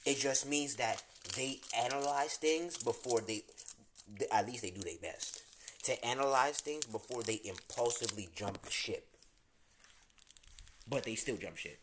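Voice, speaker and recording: A man talks straight to his audience in a loose, casual rant. He is blunt and profane and leans on slang, with a voice of middling pitch. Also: a bit bright, a little hiss or hum. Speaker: astrology channel host. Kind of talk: casual direct-to-camera rant.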